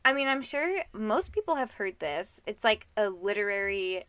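A young woman co-hosting a casual book podcast, chatty and quick to laugh, filling her talk with "like.". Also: medium pitch, very animated, a bit bright, clean tone, no echo. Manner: chatty, laughs often, lots of "like". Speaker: podcast co-host.

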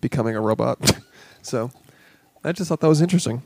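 A man's voice: mid-range voice, expressive, brisk, gravelly, darkish tone. A man co-hosting a casual podcast, rambling through film trivia with many restarts and casual swearing. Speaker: podcast co-host. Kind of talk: casual chat.

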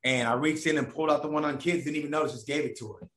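A man's voice: a little high, rapid-fire, echoey room. A man telling a long personal story in casual, profane talk, acting out the voices of the people in it. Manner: animated, profane, acts out voices of others.

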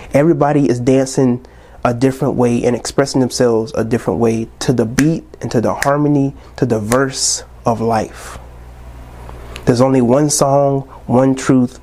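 A man's voice: mid-range voice, fairly even intonation, moderate pace, darkish tone. A man in his twenties hosting a podcast, talking in a casual, impassioned, preachy monologue. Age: 20s. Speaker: podcast host.

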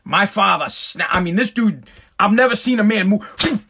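A man's voice: sits high, expressive, normal speed, vocal fry, sharp tone, a little hiss or hum. A man telling an exasperated, profane stand-up story. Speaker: stand-up comedian.

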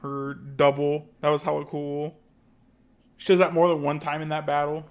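A man's voice: on the high side, monotone, moderate pace. A man co-hosting a podcast in casual chat, talking loosely with many fillers and restarts. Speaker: podcast co-host.

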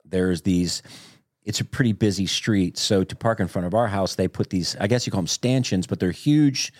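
A man's voice: sits low, moderate pace, darkish tone, no echo, studio quality. A man hosting a casual podcast chat, chatty and teasing with sudden laughing outbursts. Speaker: podcast host.

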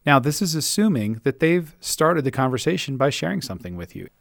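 A man's voice: medium pitch, big pitch swings, fairly quick, creaky, no room sound, clean studio sound. Encouraging man hosting an advice podcast. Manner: encouraging, reassuring. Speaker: podcast host and leadership coach.

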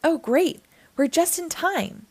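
A woman's voice: very high-pitched, lively intonation, slow, no room sound, voice pushed up, full character voice. Woman reading as a cheerful old Santa. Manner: warm, smiling, gently explaining.

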